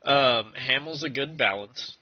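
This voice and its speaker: A man's voice: mid-range voice, a little slow, no room sound. A man chatting casually with friends on a game stream, giving blunt opinions and swearing now and then. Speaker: co-player, stream guest. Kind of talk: casual gaming-stream chat. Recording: muffled lo-fi stream audio.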